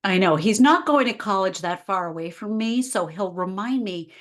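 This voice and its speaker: A woman's voice: mid-range voice, moderate pace, few pauses. A woman in her forties, a life coach talking as a podcast guest in casual conversation, acting out quoted dialogue as she tells stories. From United States. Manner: animated, acts out quoted dialogue.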